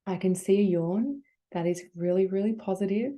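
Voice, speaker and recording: An Australian woman leading a breathing workshop as a yoga teacher, guiding gently and encouragingly in a casual, chatty way. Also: medium pitch, normal speed, few pauses. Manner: gentle, encouraging, casual filler-heavy guidance.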